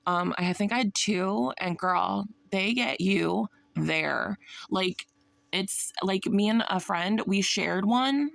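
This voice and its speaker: A woman's voice: medium pitch, slow pace, creaky, fairly bright tone, dry recording. A woman hosting a reaction channel, talking bluntly and mockingly in casual commentary, swearing freely.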